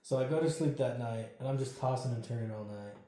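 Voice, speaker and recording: Guy telling ghost stories, swears a ton, mellow tone, big room echo. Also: mid-range voice, fast talker. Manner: profane, animated storyteller. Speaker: podcast guest. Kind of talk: casual ghost-story telling. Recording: very echoey room.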